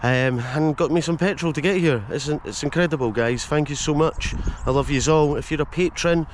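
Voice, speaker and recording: A man's voice: a little high, moderate pace, a little hiss or hum. A Scottish man hosting a casual walking vlog through village streets, chatting to viewers with jokey asides. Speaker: vlogger and host. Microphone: handheld camera mic.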